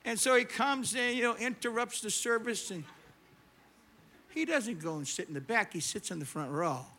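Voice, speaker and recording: A man preaching a sermon, telling a story and swinging between loud, animated preaching and quiet storytelling. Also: sits high, normal speed, a little hiss or hum. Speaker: pastor. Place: church sanctuary.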